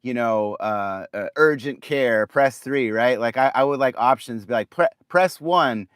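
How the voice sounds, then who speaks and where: A man's voice: mid-range voice, normal speed, smooth, dry recording, studio quality. A middle-aged man ranting casually about automated phone lines, rambling, restarting and asking "right?" after nearly every point. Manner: rambling, repeats words, says "right?" often. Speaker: vlogger.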